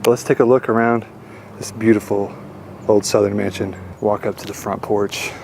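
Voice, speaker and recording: A man's voice: on the low side, flat delivery, moderate pace, creaky, background noise. A man narrating his urban exploration vlog outdoors, eager and guiding viewers along. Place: outdoors at an old house.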